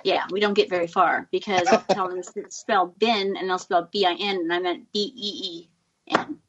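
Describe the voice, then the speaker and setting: A woman from California with an American accent, chatting casually as a guest and telling stories with animated detail. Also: lowish voice, moderate pace, slight background noise. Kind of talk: casual chat. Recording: dull lo-fi audio.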